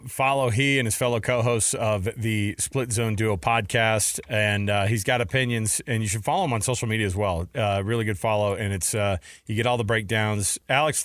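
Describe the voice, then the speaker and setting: A sports radio host from Texas, talking in a playful, jokey way and often putting on silly voices. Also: male voice, medium pitch, a bit bright, no echo, studio quality. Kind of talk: casual sports talk.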